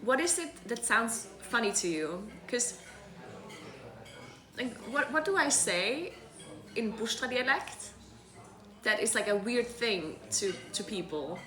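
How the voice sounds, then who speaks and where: A young woman chats with her viewers in a lively, sing-song voice that rises and falls a lot. Her tone is bright and a touch high, and she laughs often and says "like" all the time. The sound is roomy, with a clear echo around her. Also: slow pace, pauses often, faint music behind. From South Tyrol. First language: German (South Tyrolean dialect). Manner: chatty, laughs often, many "like" fillers. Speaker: streamer. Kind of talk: casual chat with stream viewers.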